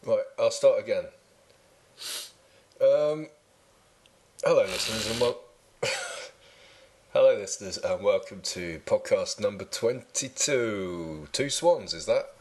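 A man's voice: lowish voice, animated, slow, pauses often, a little mellow, slight background noise. A man hosting a comedy podcast, chatting with dry, teasing humor. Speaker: podcast host. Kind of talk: joking casual chat.

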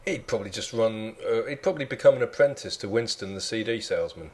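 A man from England co-hosting a comedy podcast, talking in a dry, deadpan way. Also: fairly low pitch, fast. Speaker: podcast co-host. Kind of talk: casual comedy chat.

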